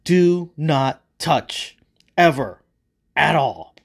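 A man's voice: mid-range voice, lively intonation, a little fast, close to an everyday voice. A man voicing a crude, laid-back male God who swears and gets annoyed easily, in a comic story reading. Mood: brash. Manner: swearing, casual, loud.

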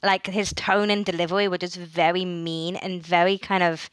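A woman co-hosting a podcast in casual chat, talking in an animated way and often restarting her sentences. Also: on the low side, normal speed, clear, resonant tone, no echo. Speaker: podcast co-host.

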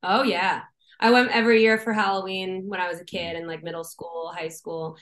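A young woman from Boston, a guest musician chatting casually on a podcast, animated and quick to laugh. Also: lowish voice. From Boston, USA. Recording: roomy echo.

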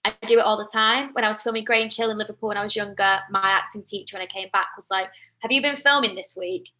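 An English actress guest in a casual interview, chatty and giggly. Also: female voice, medium pitch, monotone, fast talker, sharp tone, muffled recording.

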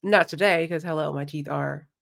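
A young adult woman co-hosting a casual podcast, telling a work story in an animated way and acting out what people said. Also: low voice, moderate pace, vocal fry. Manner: animated storytelling with voiced-out quotes. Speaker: podcast co-host. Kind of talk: casual chat.

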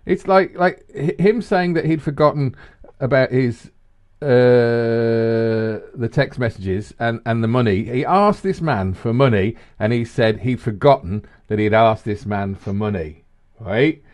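Animated man in casual chat. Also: unhurried. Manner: animated storyteller, jumps into high mimicking voices.

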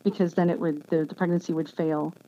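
Low-voiced woman telling her story haltingly. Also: fairly even intonation, warm tone. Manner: halting, with many restarts and fillers; earnest and emotional. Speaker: interview guest. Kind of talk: personal testimony in conversation. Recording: dull lo-fi sound with faint background noise.

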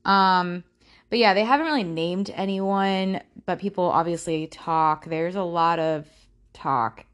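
A woman hosting a true-crime podcast, talking casually in a halting way with frequent restarts and fillers. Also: fairly low pitch. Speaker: podcast host.

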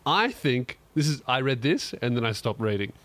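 A man hosting a podcast, relaxed and chatty, laughing easily. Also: mid-range voice, fairly quick, no echo. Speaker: podcast host. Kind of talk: casual podcast chat.

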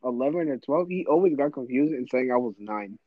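A man's voice: mid-range voice, expressive, fairly quick, no echo, narrow, tinny audio. A teenage boy, a guest, giving short hesitant answers in a casual chat. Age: teen.

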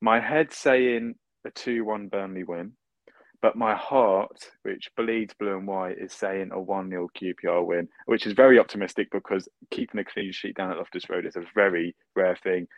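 A man's voice: low-pitched, steady tone, moderate pace, no room sound. Male guest, bantering and joking, dry, dull audio. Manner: jokey, banters. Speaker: guest, football fan. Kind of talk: casual chat.

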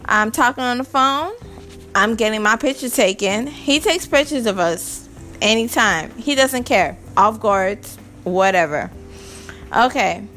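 Animated young mom ranting with laughs. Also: female voice, fairly high pitch, a little slow, soft background music. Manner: animated, laughing, exasperated storytelling. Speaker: podcast host. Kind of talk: casual monologue.

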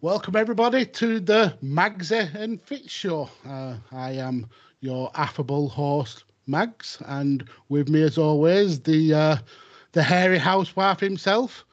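Dry, teasing podcast host. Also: male voice, a little high, unhurried. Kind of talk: casual comedy podcast chat. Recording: dull lo-fi sound.

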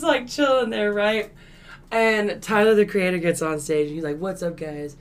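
A woman's voice: on the low side, moderate pace, clean tone. A woman co-hosting a podcast, telling a story in casual chat. She swears a lot and acts out what people said. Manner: profane, animated, acts out quotes. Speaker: podcast co-host. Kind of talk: casual storytelling among friends.

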